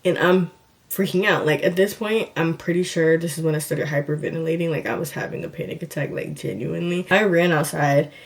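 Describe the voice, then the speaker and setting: A young woman with a slightly low voice tells a personal story on her vlog. Her delivery is chatty and dramatic, and she fills her telling with "like" and quick asides. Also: fairly even intonation. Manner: chatty, dramatic retelling with lots of "like". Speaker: vlogger.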